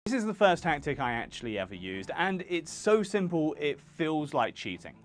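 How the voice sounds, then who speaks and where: A man's voice: on the high side, sing-song, normal speed. A man hosting a video lesson for freelancers, talking in a punchy, emphatic, conversational way. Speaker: channel host teaching freelancers.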